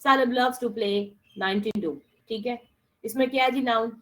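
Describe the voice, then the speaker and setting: A woman's voice: a little high, very fast, a bit bright, low-quality recording. A woman teaching an online class, mixing with Hindi-Urdu phrases and speaking as she addresses her students directly. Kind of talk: online English lesson.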